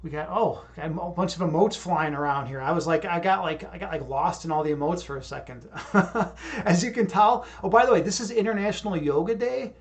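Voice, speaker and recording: A man's voice: sits high, fairly quick. Rambling, hyped-up young male streamer. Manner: rambling, repeats words, laughs at himself. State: hyped up after yoga. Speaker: livestream host. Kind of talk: casual livestream chat reading viewer comments.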